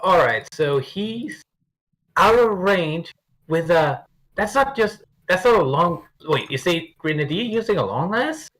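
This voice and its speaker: A man's voice: high voice, very animated, a little slow, fairly bright tone, poor audio. A man co-hosting a podcast, talking in casual banter, laughing and asking jumpy questions. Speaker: podcast co-host.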